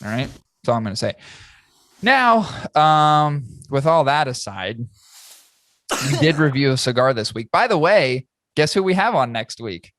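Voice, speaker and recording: A man's voice: mid-range voice, unhurried, no echo, clean studio sound. A man hosting a casual podcast chat, swearing freely and telling stories with lots of energy. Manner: profane, animated storytelling. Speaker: podcast host.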